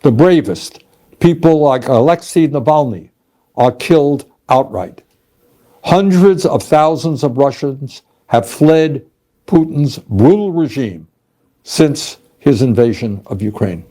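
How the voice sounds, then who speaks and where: A man's voice: medium pitch, animated, takes it slowly, dark tone. An older man giving a formal, emphatic political speech.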